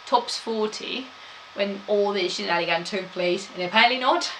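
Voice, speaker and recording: A woman's voice: medium pitch, a bit bright, a little hiss or hum, rough recording. A woman gives a chatty live-streamed history talk, laughing often and answering chat.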